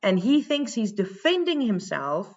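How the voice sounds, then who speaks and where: A woman teacher giving a recorded lesson, thinking aloud as she goes and pausing often with fillers. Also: medium pitch, big pitch swings, darkish tone, muffled recording.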